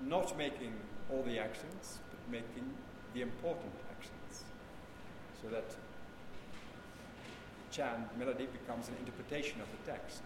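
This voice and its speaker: A man teaching a group how to sing chant, explaining in a patient, unhurried way and breaking into short sung phrases. He is recorded in a large echoing hall with a long reverb, and noise is clearly heard behind him. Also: medium pitch. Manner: explains slowly, sings examples of chant. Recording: echoey hall with background noise.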